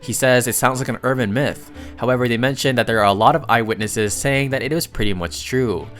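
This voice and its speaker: A man at a mid pitch, recapping a comic with casual, chatty narration. He drops jokey asides and stumbles over a word now and then. Soft music plays faintly under his voice. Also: fairly quick.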